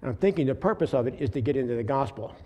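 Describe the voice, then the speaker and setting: A man telling his congregation a faith story in an earnest, halting way, often restarting his sentences. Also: medium pitch, expressive. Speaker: lay preacher sharing a testimony. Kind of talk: informal church testimony. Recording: long hall reverb, faint room noise.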